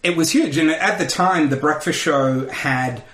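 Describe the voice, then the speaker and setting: Man, thirties, animated storyteller, roomy room sound. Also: on the high side, measured pace. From Australia. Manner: animated storyteller who acts out quotes. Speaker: comedian and radio host, podcast guest. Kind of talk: casual interview storytelling.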